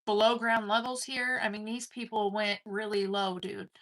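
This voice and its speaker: Fired-up woman doing a tarot reading, bright sharp voice, says dude a lot, swears. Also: mid-range voice, level tone, normal speed. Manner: intense, swears casually, keeps saying "dude". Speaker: tarot card reader.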